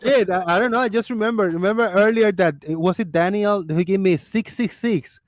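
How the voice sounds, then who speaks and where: A man hosting a casual livestream chat, telling stories in an animated way and laughing often. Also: high-pitched, brisk, dry recording. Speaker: livestream host.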